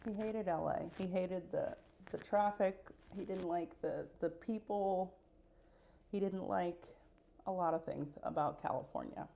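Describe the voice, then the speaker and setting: Middle-aged woman, slow casual vlog talker, low gravelly voice, dry asides. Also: warm tone. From United States. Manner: chatty, unhurried storytelling with dry asides. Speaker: vlogger. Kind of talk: get-ready-with-me vlog chat.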